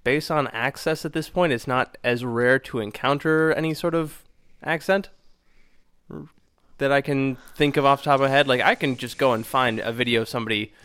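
A man with a Midwestern American accent co-hosting a podcast in casual chat, measured and a little halting. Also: mid-range voice, steady tone, a bit bright, smooth, no echo. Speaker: podcast co-host.

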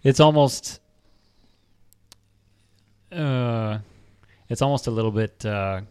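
A man's voice: mid-range voice, takes it slowly, darkish tone, clean tone. A man hosting a casual podcast chat, easygoing and hesitant with lots of fillers.

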